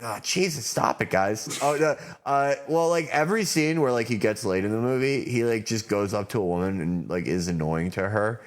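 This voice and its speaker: Low-voiced man in rambling podcast banter. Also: normal speed, few pauses. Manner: rambling, profane, lots of fillers. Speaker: podcast guest.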